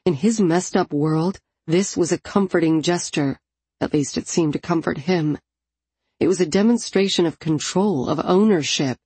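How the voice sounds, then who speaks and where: A woman narrating a first-person audiobook in an intimate, low-key delivery. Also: moderate pace, a little mellow, slightly rough, dry recording.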